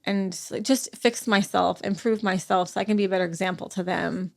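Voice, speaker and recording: A middle-aged woman, a podcast guest, talking through a personal story in a halting way, full of fillers and restarts. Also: mid-range voice, fairly even intonation, vocal fry. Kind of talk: conversational interview.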